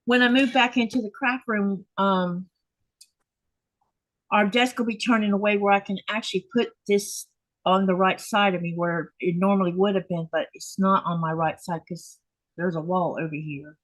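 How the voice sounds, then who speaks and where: A woman's voice: mid-range voice, steady tone, moderate pace, no room sound, low-quality recording. Chatty woman host, dry close sound. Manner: chatty, rambling with restarts and laughs. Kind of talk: casual chat while sewing. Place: home craft desk.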